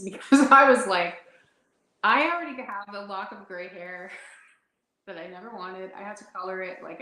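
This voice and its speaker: Woman guest, mid-range voice, lively storyteller who laughs and acts out the dialogue, recorded with a roomy echo. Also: medium pitch. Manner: laughs often while talking, acts out her own and others' quoted lines. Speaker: guest sharing a paranormal experience. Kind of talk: animated personal storytelling.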